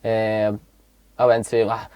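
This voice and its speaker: A man's voice: medium pitch, a little fast, no echo. A man from the Liverpool area, co-hosting a podcast and telling a rowdy anecdote, swearing and acting out the voices of the people in it. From Southport, Liverpool area. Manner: animated storyteller, swears a lot, acts out others' voices. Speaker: podcast co-host. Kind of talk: casual chat, anecdote.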